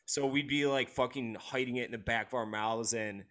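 A man's voice: mid-range voice, steady tone, normal speed, a bit bright. A man who played college baseball, chatting candidly and a bit ramblingly, with some swearing. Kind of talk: casual chat.

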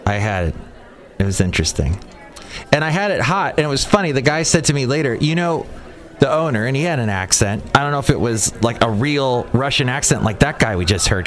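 Rambling sarcastic podcast host. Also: male voice, lowish voice. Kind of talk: casual solo podcast.

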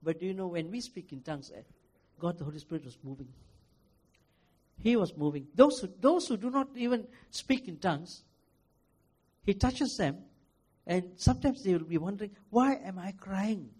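A male pastor preaching a sermon, emphatic and repetitive, swinging from loud declarations to soft, hushed lines. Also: high-pitched, expressive, moderate pace, long pauses, slightly rough.

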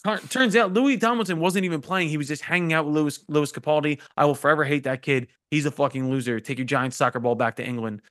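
A man's voice: fairly high pitch, fast talker, hardly any pauses, a bit bright. A man hosting a podcast, telling loose, profane stories in casual chat. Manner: loose, profane storytelling with laughs. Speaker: podcast host.

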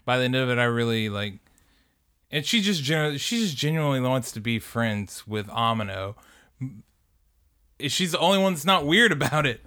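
A man's voice: mid-range voice, expressive, normal speed, sharp tone. A young man co-hosting an anime podcast, talking in an earnest, enthusiastic casual chat. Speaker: podcast co-host.

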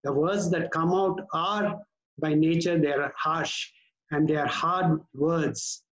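Slow, earnest male pastor preaching. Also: fairly high pitch, fairly even intonation, a bit bright, dull audio. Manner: measured, earnest preaching with slow emphatic stresses. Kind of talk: sermon.

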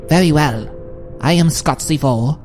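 A man voicing a tall, slender alien male guard in a storybook reading, with a high-pitched, curt, commanding voice. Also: unhurried, a little mellow, faint music behind, natural voice. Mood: stern.

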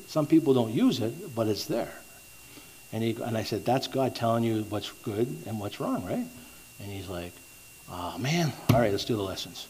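Guy giving a sermon, mellow warm voice, lots of stops and restarts, keeps saying right?. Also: medium pitch, slight background noise, poor audio. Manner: conversational, asks the audience "right?"; halting, with many restarts. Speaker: evangelism teacher. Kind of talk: sermon with storytelling.

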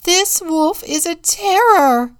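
A woman's voice: animated, takes it slowly, full character voice. A woman reading a storybook aloud, voicing a haughty noblewoman who screams her lines. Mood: alarmed. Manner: loud, screaming, high-pitched. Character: shrill haughty noblewoman, the countess.

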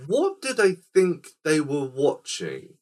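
A man hosting a casual film podcast, retelling scenes in a rambling, animated way. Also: fairly high pitch, slow pace. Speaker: podcast host.

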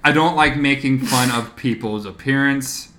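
A young man co-hosting a podcast, telling stories in a profane, animated way in casual chat. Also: medium pitch, moderate pace. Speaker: podcast co-host.

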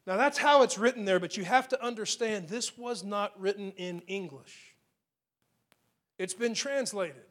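High-voiced man preaching earnestly. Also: a bit bright. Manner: earnest, repeats key phrases, slows down to stress scripture words. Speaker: pastor. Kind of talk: sermon.

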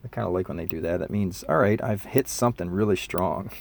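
A man in his fifties talking in a casual monologue, earnest and reflective, sometimes excited, with fillers and restarts. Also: low-pitched, fast talker, creaky. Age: 50s. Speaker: musician and spiritual teacher.

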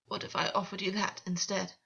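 A raspy, defiant captive former king coaxes and provokes his captor, voiced by a woman reading an audiobook. The voice sits at a middle pitch. The recording sounds slightly dull and lo-fi. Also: little pitch movement, a little fast, bright, forceful tone, exaggerated voice. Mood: coaxing.

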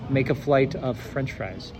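A man's voice: mid-range voice, a little slow, over music. A man co-hosting a casual podcast, joking and thinking aloud during a card game. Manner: easygoing, jokey, thinks aloud. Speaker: podcast co-host.

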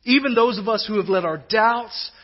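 A male pastor preaching a sermon in a conversational, animated way, acting out quoted voices now and then. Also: sits high, moderate pace, muffled recording.

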